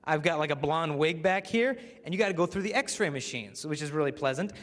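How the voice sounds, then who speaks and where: A man with a fairly high voice gives a talk to a live crowd. He tells stories with lively energy and slips into the voices of the people he quotes. His voice rings with the long reverb of a large hall. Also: brisk. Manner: lively storyteller who acts out the people he quotes. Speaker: speaker. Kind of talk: public talk to a live audience.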